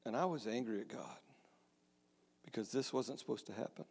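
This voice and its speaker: A man's voice: mid-range voice, normal speed, darkish tone, slightly rough. A middle-aged man, a pastor, telling his own story in a sermon with a conversational, self-deprecating manner and frequent restarts. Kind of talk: sermon testimony. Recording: long hall reverb.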